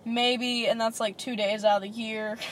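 Young woman, podcast co-host, casual and foul-mouthed, slightly high voice. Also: little pitch movement, measured pace, a little hiss or hum. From Louisiana, US. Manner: profane, blunt, laughs often. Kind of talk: casual chat.

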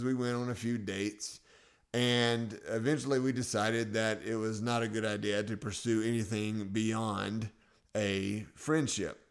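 A man in his forties hosting his own podcast, telling personal stories in a casual, self-joking way from a studio. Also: fairly low pitch. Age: 40s. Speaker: podcast host.

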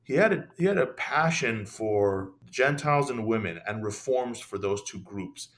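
A young man, a podcast guest, talking in an animated, casual way, with many restarts and asides. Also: fairly low pitch, moderate pace. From Iran. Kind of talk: casual conversational discussion.

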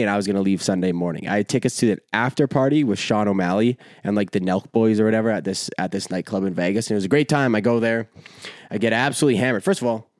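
A young man hosting a podcast, telling a rambling, profane, animated story in casual chat. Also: lowish voice, no echo, studio quality. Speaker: podcast host.

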